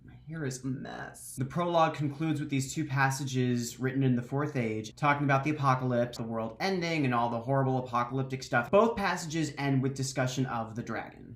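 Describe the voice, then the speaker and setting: A woman's voice: very deep voice, a little fast, few pauses. An enthusiastic woman hosting a casual, slangy video recap of a fantasy novel. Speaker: book recap host. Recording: roomy echo.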